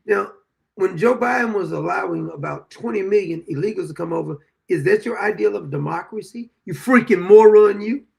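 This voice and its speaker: A man's voice: high-pitched, brisk, vocal fry. A man in his sixties hosting a political commentary show, ranting and mocking his targets with frequent laughter. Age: 60s.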